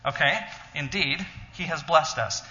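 A man's voice: fairly high pitch, measured pace, pushed and bright, slightly rough. A man giving an earnest teaching sermon, explaining a Bible passage step by step to a congregation in a church hall. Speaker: teacher leading a Bible study. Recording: dull sound in a reverberant hall.

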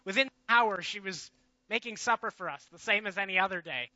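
A man's voice: high-pitched, brisk, no room sound. Peter the disciple played by a man, biblical monologue, earnest, dry close sound, dull lo-fi. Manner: earnest, swinging from loud to hushed. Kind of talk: dramatic first-person biblical monologue.

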